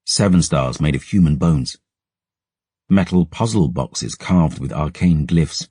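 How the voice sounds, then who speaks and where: A man narrating a dark fantasy audiobook in a measured, brooding storytelling manner, close to a studio mic. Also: rumbling low, slightly rough, no room sound.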